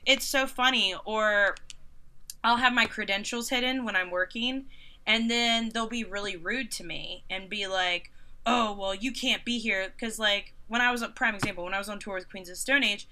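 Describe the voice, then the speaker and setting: A woman in her thirties, a concert photographer, telling stories in a casual interview with animated sarcasm and mocking quoted voices. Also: medium pitch, moderate pace. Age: 30s.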